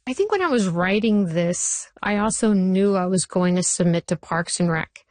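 Animated woman telling stories. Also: medium pitch, normal speed, no echo. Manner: animated, anecdotal storytelling. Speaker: television writer and showrunner. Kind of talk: interview conversation.

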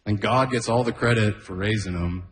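A man's voice: fairly low pitch, brisk. A man doing a stand-up comedy set on stage, often laughing at his own jokes and saying "oh, man" between bits. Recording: echoey club room.

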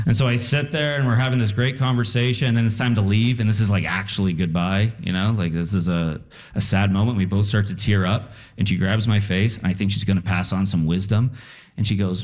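A man's voice: lowish voice, brisk, darkish tone. A man doing stand-up, telling a chatty family story and laughing through his own lines. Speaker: stand-up comedian. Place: live comedy stage.

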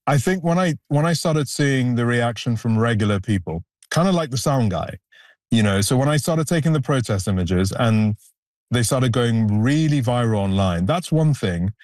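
A man's voice: mid-range voice, expressive, normal speed, a little mellow, dry recording. A male photographer answering interview questions in an earnest, reflective way, stressing key points. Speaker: photographer, guest.

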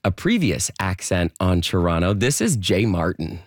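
Deep-voiced male radio host. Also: sing-song, a little hiss or hum. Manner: brisk, conversational. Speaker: radio morning show host. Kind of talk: radio hosting. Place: radio studio. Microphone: studio microphone.

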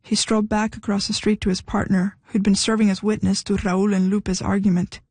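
A woman reading a short story aloud in a measured, even storytelling manner. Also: mid-range voice, slightly rough, dry recording. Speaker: story reader. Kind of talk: literary reading.

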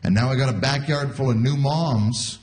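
A man's voice: mid-range voice, normal speed, darkish tone. A man in his forties from Canada doing a stand-up comedy set, telling stories in a laid-back way and laughing at his own jokes. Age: 40s. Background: audience laughter.

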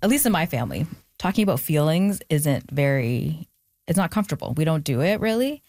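A woman's voice: deep voice, sing-song, a little fast, a little mellow, no room sound, clean studio sound. A young adult woman, an author, talking candidly and reflectively about her family in an interview. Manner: reflective, candid, gets emotional and laughs it off. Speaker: author guest. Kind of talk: personal interview conversation.

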